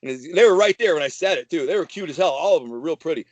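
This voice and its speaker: A man's voice: fairly high pitch, lively intonation, racing, a little mellow, dry recording. A man telling a wild story in casual, brash, slangy talk. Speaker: guest telling prison-life stories.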